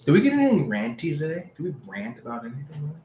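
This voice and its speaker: A man co-hosting a casual podcast, an animated storyteller who acts out the people he quotes. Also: fairly high pitch, fast talker, slight background noise. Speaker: podcast co-host. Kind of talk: casual chat. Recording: echoey room with faint ambience.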